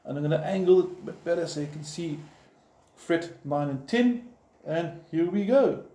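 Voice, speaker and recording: A man's voice: fairly high pitch, animated, moderate pace, warm tone. A man teaching a guitar lesson step by step, patiently explaining while he plays and counting in. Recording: roomy echo, guitar playing behind.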